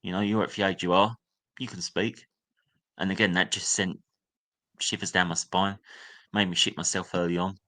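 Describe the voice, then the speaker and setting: A young man recounts his schooldays in a candid, storytelling way. His voice sits fairly low but sounds bright and forward. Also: level tone, normal speed, pauses often. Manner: candid, reliving memories, acts out a teacher's sneering voice. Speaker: guest. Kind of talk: personal storytelling.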